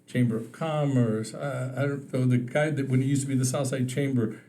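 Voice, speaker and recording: A man from Texas, a podcast guest, telling lively stories in casual conversation and acting out the people he quotes. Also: mid-range voice, brisk, a little hiss or hum. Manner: animated storyteller, acts out quoted phone calls with laughter. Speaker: podcast guest, state representative. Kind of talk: casual storytelling interview.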